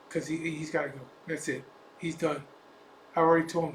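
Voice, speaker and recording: Chicano biker guy cussing and ranting, fairly high voice, flat delivery, echoey room with faint hum behind. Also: fairly quick. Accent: Chicano English. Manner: profane, defiant, repetitive asides. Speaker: biker vlogger. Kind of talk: blunt unscripted rant to camera.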